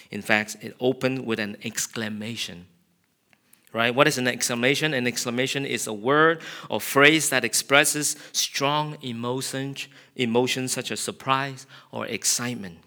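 A middle-aged man preaching a sermon, animated, acting out quotes with a raised voice. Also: medium pitch. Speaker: pastor.

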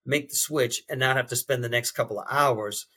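A man being interviewed as a guest on a podcast, speaking in a halting, reflective way with frequent restarts. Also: medium pitch, bright, forceful tone. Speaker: podcast guest, behavior change specialist. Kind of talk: interview conversation.

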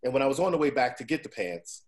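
This man in his forties hosts a relaxed chat, telling stories laced with swearing and repeatedly asking "right?" to keep his listener on board. He talks fast in a mid-range voice with lively intonation.

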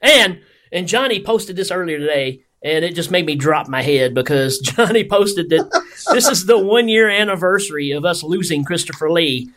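Giggly excitable podcast host man. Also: fairly high pitch, moderate pace, background noise. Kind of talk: casual movie chat.

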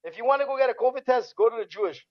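A man co-hosting a casual podcast chat, animated and peppering his talk with "man". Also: very high voice, rapid-fire. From Montreal, Canada. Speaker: podcast co-host. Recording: dull lo-fi remote audio.

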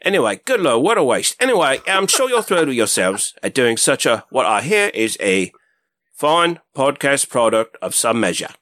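A man's voice: mid-range voice, fairly bright tone, no room sound. A man doing a comic of an older film star, rambling and crude. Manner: rambling, bemused, crude asides. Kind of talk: comedic impression cameo.

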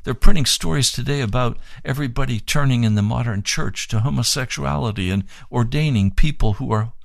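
A man's voice: mid-range voice, fairly quick, gravelly, no echo. Fervent man preaching close and dry. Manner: fervent, pleading. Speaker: radio preacher. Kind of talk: reading aloud and fundraising appeal.

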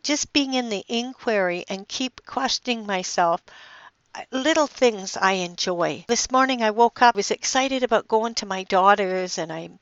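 An older woman giving a chatty motivational talk, halting and restarting often and laughing as she goes. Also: a little high, fairly bright tone, no room sound, highs cut off.

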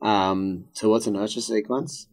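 A man co-hosting a business podcast in casual chat, easygoing and animated when he tells stories. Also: lowish voice, measured pace. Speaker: podcast co-host.

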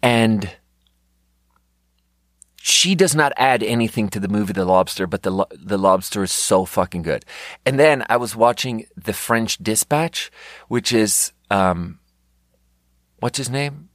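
A young man from Europe rants on his podcast in a low, rambling voice. He swears freely and sounds sarcastic. The recording is dry and close, with no room sound. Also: lively intonation, a little slow, pauses often, dry recording. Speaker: podcast host. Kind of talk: unscripted podcast rant.

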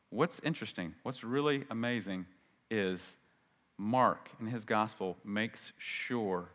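A man preaching a sermon as a pastor, emphatic, swinging between loud and hushed and repeating phrases for stress. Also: mid-range voice. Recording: long reverb of a large hall.

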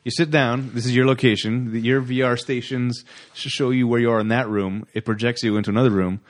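A man co-hosting a casual podcast about a movie, enthusiastic and quick to laugh, often restarting his sentences. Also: mid-range voice, fairly even intonation. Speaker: podcast co-host.

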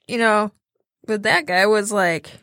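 A woman co-hosting a podcast, telling stories in a rambling, halting casual chat. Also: medium pitch, a bit bright, no room sound, clean studio sound. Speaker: podcast co-host.

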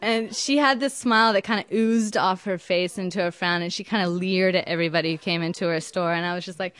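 A woman's voice: fairly low pitch, fast, few pauses, smooth. Young woman telling an indignant personal story. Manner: indignant, emphatic, animated.

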